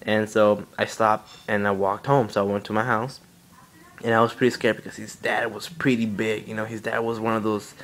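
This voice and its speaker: Young dude rambling thru a story, lots of swearing n fillers, lowish voice. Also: male voice, level tone, moderate pace, fairly bright tone. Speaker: vlogger. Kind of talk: casual storytelling.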